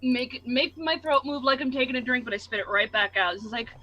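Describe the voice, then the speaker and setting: A woman's voice: high-pitched, fairly even intonation, quick pace, highs cut off. A woman playing a tabletop game, playfully describing what her character does. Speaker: player. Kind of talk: tabletop role-play chat.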